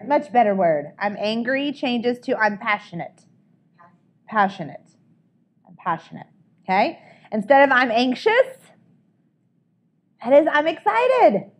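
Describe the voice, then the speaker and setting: A woman's voice: on the high side, sing-song, a little slow, pauses often. A woman giving an upbeat training talk to a group, coaching them and often checking in with "right?". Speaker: sales trainer.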